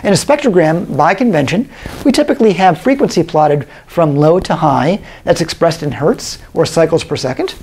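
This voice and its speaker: A middle-aged man giving a recorded college lecture, explaining in a measured way with frequent pauses and fillers. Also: on the high side, lively intonation, a little mellow, husky.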